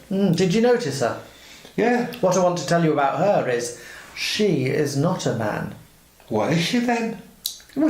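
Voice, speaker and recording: A man's voice: high-pitched, a little mellow, full character voice. A man voicing blunt, gossiping women characters in a comedy sketch chat. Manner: blunt, gossipy, mock-innocent. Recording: echoey room.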